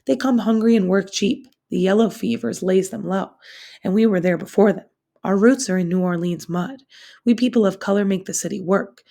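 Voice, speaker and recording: A woman reading as a proud, calm young woman. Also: mid-range voice, vocal fry, lightly acted. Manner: calm, dignified, measured.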